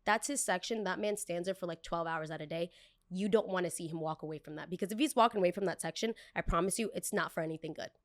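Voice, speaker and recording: A woman's voice: on the low side, fast, no room sound, studio quality. Chatty young woman telling a story. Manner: chatty, animated, acts out every voice in the story, curses freely. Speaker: podcast host. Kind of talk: casual storytelling.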